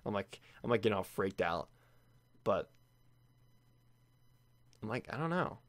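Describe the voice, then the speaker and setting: A man's voice: fairly low pitch, big pitch swings, a little slow, no echo. A young man playing through a game on camera, reading its text aloud and reacting in a jumpy, nervous way, often repeating himself. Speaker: let's play gamer.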